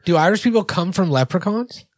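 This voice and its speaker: A man's voice: high-pitched, lively intonation, fairly quick, dry recording. A man co-hosting a podcast in casual, joking chat, laughing often. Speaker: podcast co-host.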